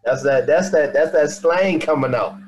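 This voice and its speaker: A man's voice: fairly high pitch, normal speed, a little mellow, a little hiss or hum, rough recording. A man hosting a casual chat, teasing and quizzing a guest in a playful way. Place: in Texas.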